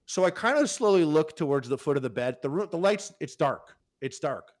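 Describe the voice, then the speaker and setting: A twenty-something podcast host tells a rambling, casual story, stopping and restarting with lots of fillers. His voice is a little high and animated, and he talks a little fast.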